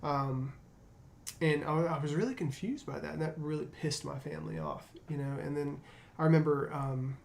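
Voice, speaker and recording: A man's voice: fairly high pitch, lively intonation, moderate pace, gravelly, a little mellow, slight background noise. A man hosting a casual discussion, reflective and storytelling, with frequent fillers. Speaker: podcast host.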